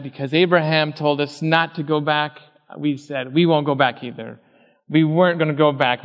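A man's voice: fairly high pitch, fairly bright tone, long reverb tail. A man preaching a sermon as a pastor, telling a personal story and acting out the voices of the people in it.

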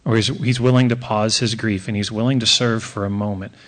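A man's voice: lowish voice, steady tone, brisk. A man on a church Q&A panel who lays out his points in order, thoughtful and lightly humorous. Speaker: church panelist, men's group leader. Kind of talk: panel discussion.

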